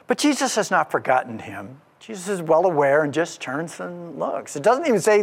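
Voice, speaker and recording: A male preacher giving an expository sermon in a church, animated and emphatic, often repeating his points. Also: on the high side, moderate pace, in a large hall.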